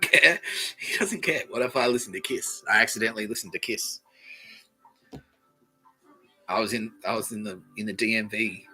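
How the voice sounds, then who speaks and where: A man's voice: on the low side, sharp tone, rough recording. A man with an Australian accent hosting a comedy podcast, rambling through a crude, swearing, giggly monologue. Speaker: podcast host.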